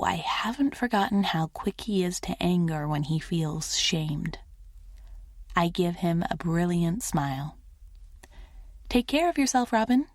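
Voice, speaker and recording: A woman narrates a first-person romance audiobook in a soft, intimate reading. Her voice sits on the low side and moves at an unhurried pace, and the recording is dry and close. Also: vocal fry, no room sound.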